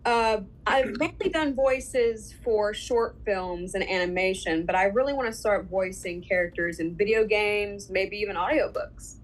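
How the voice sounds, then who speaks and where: A woman's voice: medium pitch, a little slow, hardly any pauses, rough recording. A woman who is an aspiring voice actor, asking eager, slightly hesitant questions. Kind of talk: casual questions.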